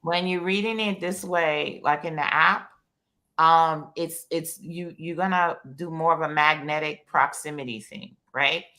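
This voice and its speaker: Woman, New York accent, deep voice, bright tone, rambling, casual card-reading chat. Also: fairly even intonation, unhurried. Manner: rambling, repeats words, frequent "you know". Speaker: panelist.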